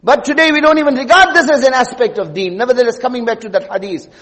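A man preaches a Friday sermon in a very high, ringing voice. He presses his points with rhetorical questions and repeats key phrases. His words trail off in the long reverb of a large hall. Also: quick pace, a bit bright.

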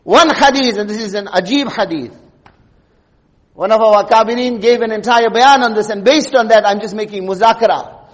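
A man's voice: high-pitched, moderate pace, fairly bright tone. A man giving a Friday sermon, emphatic, asking rhetorical questions and repeating key phrases for effect. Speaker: preacher. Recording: long reverb of a large hall.

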